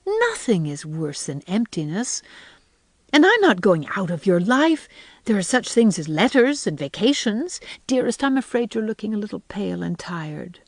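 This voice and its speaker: A woman voicing an earnest, imaginative young woman teacher in an audiobook, speaking in a gently solemn way. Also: mid-range voice, sing-song, moderate pace, no room sound, pitched above the performer's own voice.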